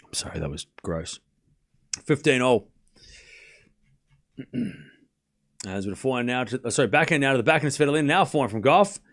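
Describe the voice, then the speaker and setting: A man streaming a live tennis watchalong, calling each rally in quick play-by-play and chatting with viewers between points. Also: medium pitch, lively intonation, a bit bright. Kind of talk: live watchalong commentary and chat reading.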